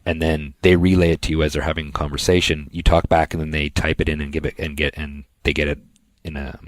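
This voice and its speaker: A man co-hosting a podcast, telling long rambling anecdotes in a casual chat and slipping into quick impressions of other people. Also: a bass voice, flat delivery, no echo. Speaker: podcast co-host.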